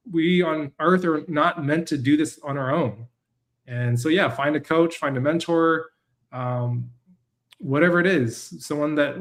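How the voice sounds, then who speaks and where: A man being interviewed as a guest, speaking earnestly and encouragingly. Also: a little high. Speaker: guest, resilience coach. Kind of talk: interview conversation.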